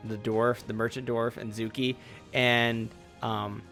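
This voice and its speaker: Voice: mid-range voice, flat delivery, slow, a bit bright, soft background music. A game master running a tabletop role-play game, narrating with many fillers and laughs.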